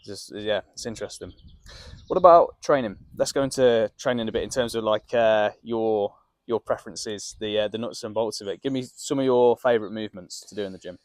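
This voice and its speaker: A young man hosting a podcast, talking in a measured, reflective way and asking questions while sitting outdoors in a garden. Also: on the low side, no room sound, studio quality. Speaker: podcast host. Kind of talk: casual podcast conversation.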